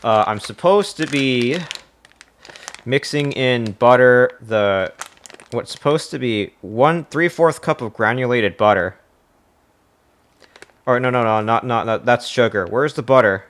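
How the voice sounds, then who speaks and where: A man's voice: medium pitch, measured pace, pauses often, fairly bright tone. A man streaming live from his kitchen, a bit out of breath, rambling, swearing and reading a recipe aloud as he cooks. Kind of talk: casual live-stream chat while cooking.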